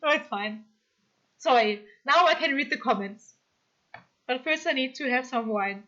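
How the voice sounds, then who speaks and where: High bright German-accented woman streamer. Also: normal speed, highs cut off. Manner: chatty, reads chat comments aloud, apologetic and excitable. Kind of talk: casual live-stream chat.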